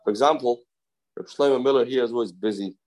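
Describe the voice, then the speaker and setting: A man's voice: medium pitch, quick pace, a little mellow, rough recording. A man teaching a daily Talmud class informally. He explains step by step, repeats key phrases and asks rhetorical questions.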